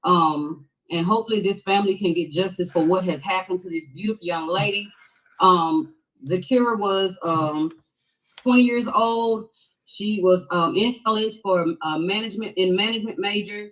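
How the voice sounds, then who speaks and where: A woman's voice: medium pitch, normal speed, fairly bright tone, rough recording. A woman hosting a live-stream interview, talking casually and loosely with many "um" fillers. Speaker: host.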